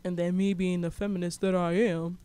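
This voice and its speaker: A woman's voice: fairly low pitch, level tone, normal speed, mellow, clean tone. A young woman telling a story in casual, slangy speech, blunt and sarcastic.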